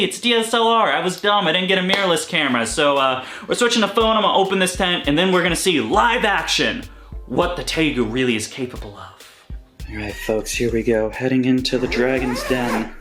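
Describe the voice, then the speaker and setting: Excitable man vlogging in an echoey room. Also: fairly high pitch. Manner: excitable and joking, yelps in pain when bitten. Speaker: reptile keeper and channel host. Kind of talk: casual demonstration vlog. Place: reptile room at home. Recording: echoey room with faint music.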